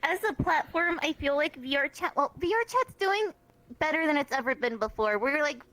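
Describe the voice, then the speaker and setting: High bright-voiced woman, chatty guest. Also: animated, normal speed, no room sound. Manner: chatty, filler-heavy, giggly. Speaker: interview guest. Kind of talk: casual chat.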